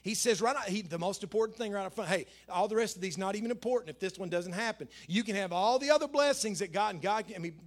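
A middle-aged male pastor preaching a conversational sermon, repeating phrases and rising to emphatic scripture quotes. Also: high-pitched.

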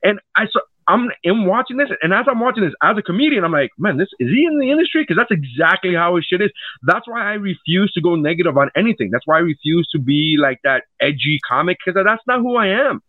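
A comedian co-host chatting casually, spinning stories and acting out other people's lines with plenty of swearing. His voice sits a little high. The sound is dry and thin, as if heard down a phone line. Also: fast, no room sound. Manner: animated storytelling, acts out quotes, swears often. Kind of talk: casual chat.

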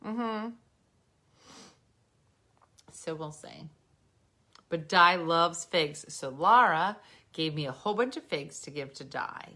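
A woman's voice: low voice, lively intonation, slow, long pauses, sharp tone. A woman with a New Jersey accent hosting a casual podcast chat, a little tipsy and cooing at her dogs. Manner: chatty, talks sing-song to her dogs. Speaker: podcast host.

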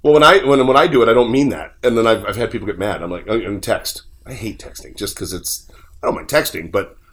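A man's voice: lowish voice, fast talker, fairly bright tone. A man hosting a casual chat, blunt and self-mocking.

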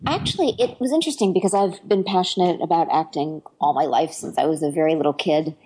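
Speaking with a fairly low, warm voice that has a breathy edge, a middle-aged woman who works as an actress and dialect coach chats eagerly in a casual interview. She is enthusiastic and rambling, with lots of fillers and restarts, and the audio quality is poor.

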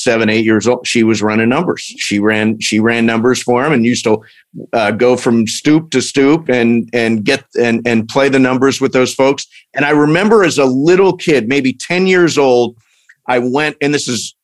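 A man reminisces about his childhood in a relaxed conversational way, pausing on small fillers. His voice sits at an ordinary middle pitch. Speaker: conversation partner. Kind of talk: casual conversation.

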